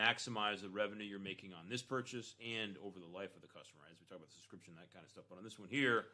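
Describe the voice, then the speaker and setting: A man with a low-pitched yet very bright, forceful voice walks through an online store in a casual screen-share review. He talks conversationally, tossing in "right?" and "you know" as he goes. His emphasis comes in energetic, punchy bursts. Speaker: e-commerce store consultant.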